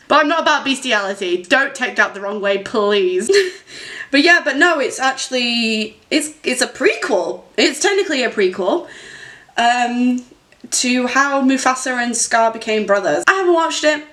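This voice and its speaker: Chatty young woman vlogger, higher voice. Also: expressive, a little slow, pushed and bright. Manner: chatty, giggly, rambling with frequent tangents. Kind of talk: casual film commentary vlog.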